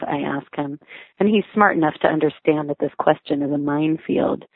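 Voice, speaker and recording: Low-voiced woman reading her memoir, wry. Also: normal speed, husky, no echo. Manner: wry, reflective storytelling. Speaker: memoir narrator, mother. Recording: thin phone-like sound, dry.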